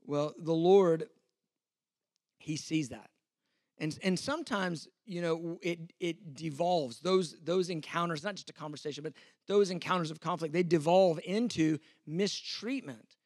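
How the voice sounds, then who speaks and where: A man's voice: on the high side, measured pace, darkish tone, no echo, studio quality. A man in his fifties, a pastor, teaching a sermon in a conversational, self-deprecating way, acting out the exchanges he quotes.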